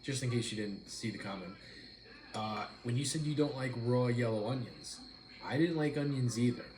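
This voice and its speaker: A man's voice: mid-range voice, normal speed, darkish tone. Man chatting casually in a roomy room. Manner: rambling, easygoing, greets viewers. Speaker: live-stream host. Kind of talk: casual chat while eating dinner. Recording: roomy with clear background noise.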